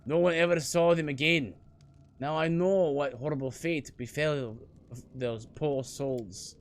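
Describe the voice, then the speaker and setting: A man reading a gloomy, fatalistic old male dwarf's game lines slowly in an attempted Scottish accent, with some stumbles. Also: a little high, fairly even intonation. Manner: slow, solemn, faltering reading. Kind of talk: reading game dialogue aloud.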